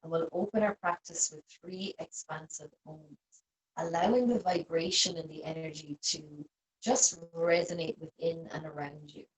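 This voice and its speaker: A woman yoga teacher guiding a restorative class in a soft, gentle, calm way. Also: low-pitched, normal speed, poor audio. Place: seated on a cushion.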